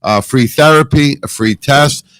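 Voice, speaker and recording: A man co-hosting a live promotional show at a wellness store event, pitching products in an upbeat, salesy way. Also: a little slow, fairly bright tone, dry recording, poor audio. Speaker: co-host.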